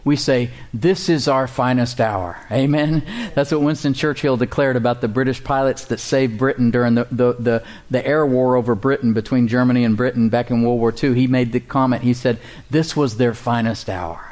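A man pastor preaching a sermon, calling out for responses from the congregation and reading scripture slowly and deliberately. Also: medium pitch, steady tone, darkish tone.

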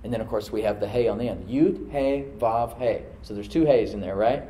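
A man preaching to a congregation, reading scripture aloud and then dropping to a soft voice to stress a point, calling for responses from the room. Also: on the low side, fairly quick, reverberant, rough recording. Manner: asks the congregation to answer back. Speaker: pastor. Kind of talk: sermon. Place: church service with a live congregation.

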